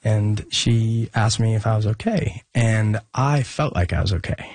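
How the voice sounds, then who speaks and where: Young guy getting emotional telling his story, husky, keeps restarting, um uh a lot, dry sound. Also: fairly low pitch, lively intonation, a little mellow, no room sound. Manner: halting, lots of fillers and restarts. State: emotional, choking up. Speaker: interview guest, musician. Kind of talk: personal storytelling in an interview.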